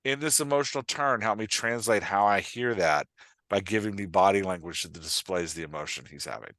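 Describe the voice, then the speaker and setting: A man hosting a podcast, coaching a writer in casual chat and reading dialogue lines aloud with lively shifts of tone. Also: low-pitched, brisk, no echo. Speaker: writing coach, podcast host.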